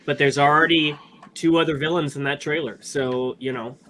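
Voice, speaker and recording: A man co-hosting a podcast, chatting casually about films in an animated, rambling way with many restarts. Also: fairly high pitch, moderate pace, slight background noise. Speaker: podcast co-host. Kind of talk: casual movie review chat.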